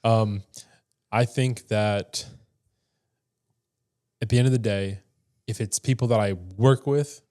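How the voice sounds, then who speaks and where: A man co-hosting a podcast in relaxed casual chat, filling his talk with "like" and "dude". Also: on the low side, slow pace, long pauses. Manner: relaxed, chatty, says "dude" and "like" a lot. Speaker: podcast co-host.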